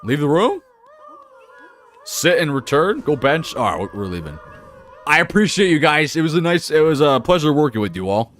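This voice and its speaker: A man live-streaming a video game, animated, laughing and chatting with his viewers. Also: on the high side, a little fast. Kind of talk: live gameplay commentary.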